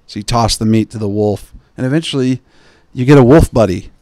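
A man's voice: medium pitch, brisk, a little mellow, no room sound. Rambling joking man, dry close mic. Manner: digressive, joking, mimics people in quoted asides. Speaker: podcast host. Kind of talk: rambling comedic podcast chat.

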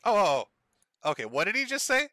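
A man's voice: high voice, wildly swooping pitch, fast, bright, forceful tone. A man doing casual livestream commentary on clips, mocking and profane, often breaking into laughter.

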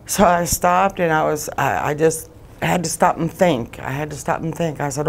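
A woman giving emotional personal testimony as an interview guest, halting and repeating phrases as she relives what happened. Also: low-pitched, vocal fry. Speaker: guest, bereaved mother.

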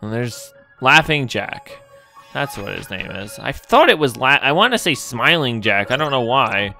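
A man's voice: mid-range voice, sing-song, unhurried, gravelly, sharp tone, soft background music. A man recording let's play commentary, reading every character's lines in his own voice and exclaiming when startled. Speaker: gamer reading game dialogue aloud.

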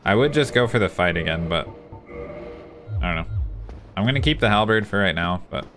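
This gaming streamer, a man with a fairly low, fairly bright voice, sounds animated and talks a little fast. Frustrated, he commentates his gameplay live, chatting with viewers and muttering to himself while music plays.

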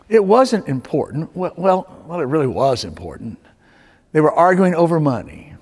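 Male pastor, sermon storyteller, animated and higher-pitched, big reverberant sanctuary sound. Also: normal speed, slightly rough. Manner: storytelling with dramatic swings between loud urging and hushed tones. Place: church sanctuary. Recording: long reverb of a church sanctuary.

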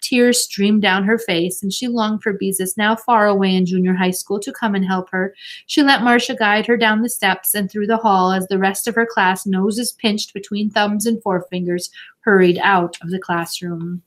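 A woman reading a children's novel aloud, with gentle, expressive storytelling. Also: medium pitch, moderate pace. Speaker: audiobook narrator.

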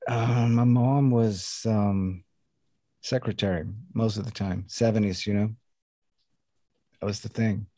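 A man in his fifties from Sweden with a light Swedish accent, talking in a relaxed, laid-back way as an interview guest. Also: fairly low pitch, measured pace, pauses often, no room sound. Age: 50s. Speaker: guest musician. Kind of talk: casual interview chat.

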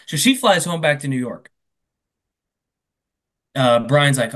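Animated man recapping a movie. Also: medium pitch. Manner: animated storyteller, quick asides, acting out characters' lines in quotes. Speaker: podcast co-host. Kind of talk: casual comedic movie recap.

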